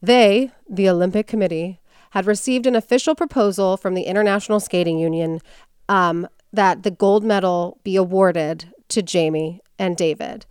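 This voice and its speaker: A woman's voice: mid-range voice, moderate pace, smooth, no room sound, clean studio sound. Chatty woman telling a story. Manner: chatty, animated, with many fillers and quoted voices. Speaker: podcast host. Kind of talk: casual storytelling chat.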